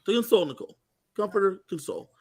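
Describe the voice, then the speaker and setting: A man co-hosting a casual recap chat, telling the story with animated energy. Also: sits high, very fast, husky. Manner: animated storytelling, acting out quoted lines. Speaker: co-host.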